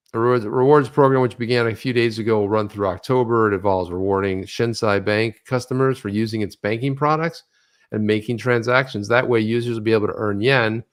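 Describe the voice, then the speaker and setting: A man co-hosting a casual livestream chat, animated, telling stories and reading tweets aloud. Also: on the low side. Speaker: co-host of a crypto news livestream.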